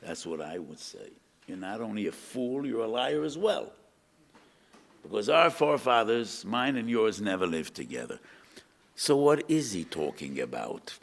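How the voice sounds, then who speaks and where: An older man giving a rabbinic lecture, telling stories, quoting Hebrew texts and asking his listeners questions. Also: low-pitched. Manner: storytelling, asks the audience questions, mixes in Hebrew quotes. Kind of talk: lecture to an audience.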